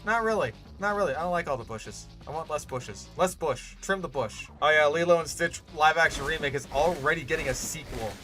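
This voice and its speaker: Bright-voiced, sarcastic gaming YouTuber. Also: male voice, a little high, fairly quick, few pauses, faint music behind. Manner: profane, sarcastic and ranting, with many fillers. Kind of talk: casual ranting commentary while building a park in a game.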